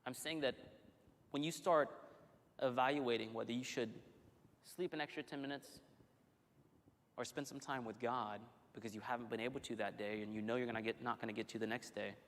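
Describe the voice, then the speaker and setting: A male pastor preaching a sermon in a church, telling the story in an animated, conversational way with frequent restarts. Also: mid-range voice, a little fast. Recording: long hall reverb.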